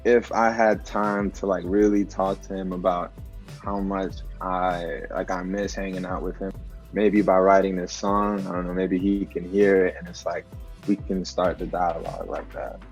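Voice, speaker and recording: Low-voiced young man, flat and reflective. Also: moderate pace, faint music behind. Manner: relaxed, reflective, says "like" often. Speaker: musician guest. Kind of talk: casual interview chat. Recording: dull lo-fi call audio.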